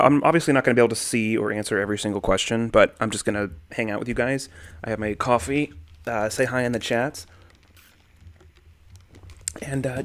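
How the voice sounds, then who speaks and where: A man's voice: medium pitch, dry recording. A young man hosting a casual livestream from home, chatting on a desk microphone and greeting viewers by name. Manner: laid-back, greets chatters by name, animated swings. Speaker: livestream host. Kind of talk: casual livestream chat reading comments. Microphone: desk condenser mic.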